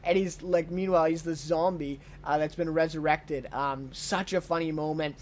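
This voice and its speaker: A man's voice: a little high, steady tone, moderate pace. A man giving a casual unscripted TV show review, enthusiastic and full of ums and uhs.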